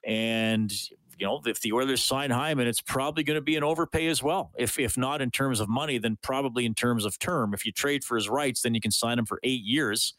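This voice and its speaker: Chatty sports radio host. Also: male voice, mid-range voice, a little fast, a bit bright, no room sound. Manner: chatty, thinks aloud with restarts. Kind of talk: casual radio sports talk. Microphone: studio microphone.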